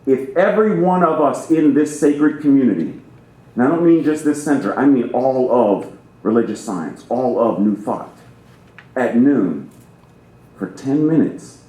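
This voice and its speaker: A man's voice: medium pitch, normal speed, mellow. Guy preaching, theatrical, plays w/ emphasis a lot, big echoey sanctuary sound. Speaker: guest minister. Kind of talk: sermon. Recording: roomy church reverb.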